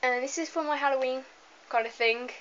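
Young woman rambling and giggling over a game at home, slightly high voice, muffled camera audio with a bit of hiss. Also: steady tone, brisk, a bit bright. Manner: chatty, giggly, rambling asides. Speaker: let's play gamer. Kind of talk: casual gameplay commentary. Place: home room, moving away from the camera at times. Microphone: camera mic.

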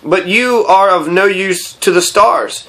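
A man's voice: sits high, measured pace, fairly bright tone, low-quality recording. A man reading aloud and voicing a curious, earnest boy prince who keeps asking questions. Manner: questioning, insistent.

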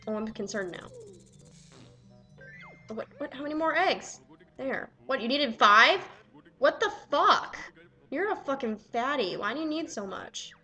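A young woman swearing and yelling excitedly at the game she plays while commenting. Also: high voice. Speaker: let's player. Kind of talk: casual gameplay commentary.

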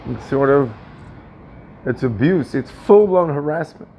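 A man's voice: fairly high pitch, animated, unhurried, dull audio, slight background noise. A man venting in a personal vlog from his apartment, aggrieved and repetitive, often swearing. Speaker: tenant vlogger. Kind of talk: agitated personal vlog rant.

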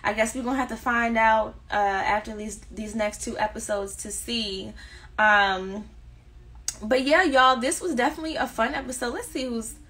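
A woman's voice: fairly high pitch, slightly rough. A woman with a mix of DC, Baltimore and Southern accents, chatting casually as host of a live stream and reading out viewer comments. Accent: mixed DC, Baltimore and Southern US. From DMV area, United States. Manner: chatty, upbeat, talks fast when excited.

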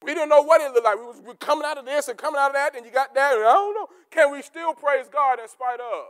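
A man preaching a sermon as pastor, repeating key words for emphasis and swinging between shouted peaks and low, quiet asides. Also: steady tone, fast talker. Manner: rising to shouts, then dropping to low asides.

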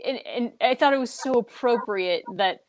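A woman's voice: fairly high pitch, expressive, moderate pace, dry recording. A woman hosting a casual book discussion, chatty and laughing often between her points.

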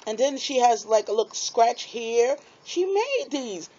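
Brief: excitable woman, slow-talking craft vlogger, recorded on a muffled tablet mic. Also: on the high side, breathy edge. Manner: chatty, excitable, laughs at herself. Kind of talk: casual unboxing chat to viewers. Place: small apartment room. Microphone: tablet microphone. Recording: dull lo-fi tablet audio.

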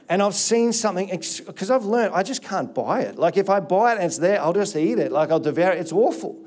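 A man's voice: sits high, darkish tone. A middle-aged man preaching a sermon as a pastor, telling candid self-deprecating stories with frequent restarts.

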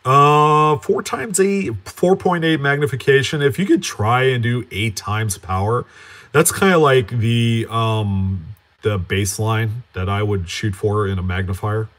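A man's voice: mid-range voice, a little slow. A man hosting a casual live stream for his coin collecting channel, talking in an easygoing, conversational way. He greets viewers by name, answers their comments, and wanders from point to point, with plenty of fillers and restarts along the way. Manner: chatty, reads out and answers viewer names; relaxed, with frequent fillers and self-corrections.

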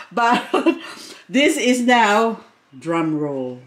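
A middle-aged woman vlogging an unboxing in a loose, casual chat. She is excitable and gushing, and now and then she talks straight to the plants. Her voice sits at an everyday middle pitch. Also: a little slow. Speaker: succulent vlogger.

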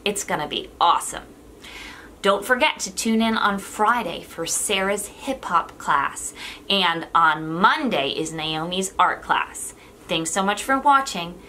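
A woman teaching an online drama lesson for kids, talking in a playful, demonstrative way and sliding between high and low to show what a voice can do. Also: lively intonation, measured pace, bright, forceful tone, slight background noise.

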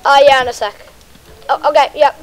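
Young woman gaming, high voice, excitable, a little sick, faint hiss. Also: fairly quick, poor audio. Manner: excited, bossy about the game. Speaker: gamer host. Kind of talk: casual game chat.

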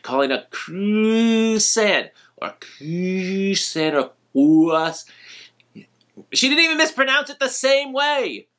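Bright, lively man telling a fond story. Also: on the high side. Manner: nostalgic, gentle storytelling. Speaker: vlog host. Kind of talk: personal storytelling vlog narration.

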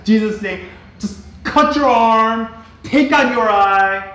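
A middle-aged male pastor preaching a sermon in a church, emphatic and repetitive, at times rising to shouts. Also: high voice, takes it slowly. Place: church sanctuary. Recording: very echoey hall.

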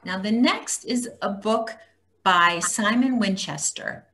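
A woman's voice: mid-range voice, takes it slowly, sharp tone. A woman hosting a casual book talk for a small group, reading blurbs aloud with wry asides.

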